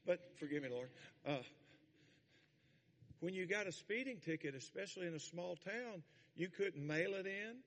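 An older man preaching a sermon to his congregation, with folksy asides and sudden shouted peaks. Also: sits high, animated, normal speed, long pauses. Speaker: pastor. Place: church sanctuary. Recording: long hall reverb.

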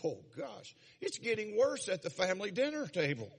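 A man preaching a sermon, retelling a story with lively acted-out voices. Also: sits high, normal speed, breathy edge. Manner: animated, dramatizes scenes with voices. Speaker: pastor. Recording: long reverb of a large hall.

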